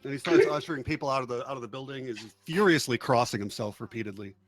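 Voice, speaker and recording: A man's voice: medium pitch, fast, soft background music. Guy running a tabletop game, laid back, lots of ums and uhs. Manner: relaxed, hesitant with many fillers. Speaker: game master.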